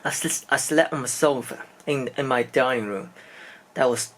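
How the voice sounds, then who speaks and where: A man's voice: medium pitch, normal speed, fairly bright tone. A man from China, speaking English and telling a personal story in a casual vlog, hesitant and searching for words. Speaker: vlogger.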